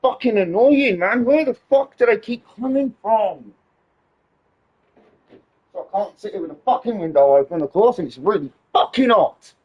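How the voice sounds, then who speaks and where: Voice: mid-range voice, animated, normal speed, husky, highs cut off. A gaming streamer ranting on a live stream in an exasperated, heavily swearing way.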